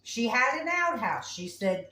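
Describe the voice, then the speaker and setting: With a fairly high, bright, pushed voice and big pitch movement, a woman cooks on her home show and chats at a measured pace, telling rambling stories full of folksy phrasing. Slight background noise, room echo, and a distant mic color the recording.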